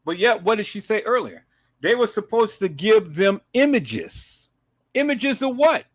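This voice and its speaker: A man hosting a live stream, giving emphatic commentary to his viewers, dropping to low murmurs and rising to shouted outbursts. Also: sing-song, measured pace. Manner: emphatic, repeatedly addresses viewers as "peoples".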